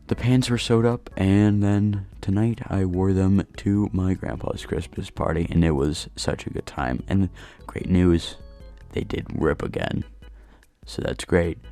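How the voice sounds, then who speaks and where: Low, slow-talking man telling a story. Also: gravelly, dark tone. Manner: rambling, self-deprecating storytelling. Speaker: gaming channel host. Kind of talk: storytime voice-over. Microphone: voice-over recorded late at night.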